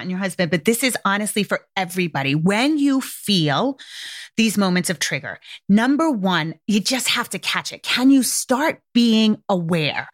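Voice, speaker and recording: A woman's voice: mid-range voice, no room sound, studio quality. Blunt, swearing woman podcast host. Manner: frank and blunt, swears freely, coaching tone; asks many direct questions, speeds up and slows down. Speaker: podcast host giving parenting advice. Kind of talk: casual advice talk to a listener.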